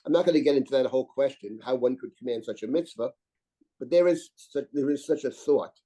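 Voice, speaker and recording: Older rabbi giving a torah class, warm mellow voice, rambly w lots of restarts. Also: male voice, mid-range voice, fairly quick, low-quality recording. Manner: discursive, reads Hebrew verses aloud, frequent restarts and asides. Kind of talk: lecture on biblical commentary.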